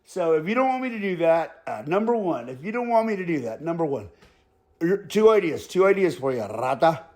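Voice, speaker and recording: A man voicing a stern middle-aged male neighborhood boss who talks slowly and threateningly, slipping in Spanish phrases. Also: a little high, very animated, darkish tone.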